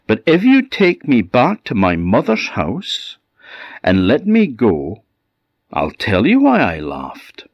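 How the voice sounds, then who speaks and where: A man with an Orkney Scottish accent voicing a sly, secretive merman who speaks calmly and matter-of-factly. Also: medium pitch, takes it slowly, dry recording, dull audio, pitched above the performer's own voice, heavily acted. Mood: knowing. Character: sly, secretive merman, grey sea creature.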